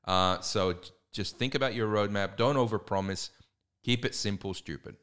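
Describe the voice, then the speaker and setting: A man's voice: on the low side, moderate pace, fairly bright tone, clean tone. A man with an Australian accent co-hosting a casual podcast, giving blunt, direct advice. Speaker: podcast co-host.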